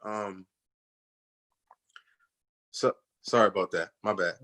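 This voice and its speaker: A man's voice: fairly low pitch, slow. A man guest on a radio show, telling stories in a loose, slangy way and acting out other people's voices. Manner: animated storyteller, acts out others' voices in quotes; slangy, repeats "you know what I'm saying". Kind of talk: casual storytelling interview.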